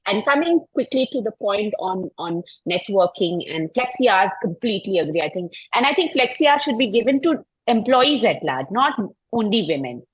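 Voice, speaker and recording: A middle-aged Indian woman on a discussion panel, telling a personal story with halting starts and emphatic points. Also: mid-range voice, big pitch swings, husky, dry recording, lo-fi sound. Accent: Indian English. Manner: halting, frequent restarts, emphatic. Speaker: panel speaker.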